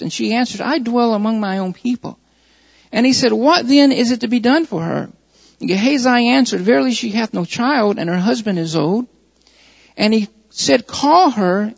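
A man's voice: very high voice, creaky. A man preaching a sermon, reading scripture aloud and then explaining it with repeated emphasis. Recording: muffled hall recording.

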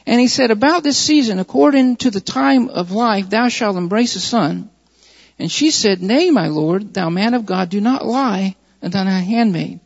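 A male preacher reads scripture and then expounds on it, pressing his points through repetition. His voice sits high and carries a gravelly edge. The recording is dull and muffled, with a long echo from a large hall. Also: expressive, normal speed. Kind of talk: sermon with scripture reading.

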